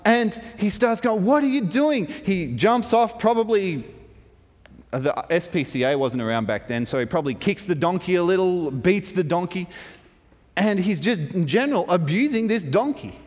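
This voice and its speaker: A man retelling a Bible story in a lively, playful way, with humorous asides. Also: high-pitched, moderate pace. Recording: long hall reverb.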